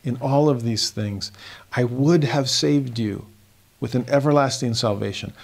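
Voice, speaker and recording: A man with a gravelly, fry-edged voice at a middle pitch, teaching scripture in a devotional lesson. He reads verses slowly and earnestly, pressing upward in emphasis on key phrases. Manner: slow, earnest reading of verses with emphatic rises.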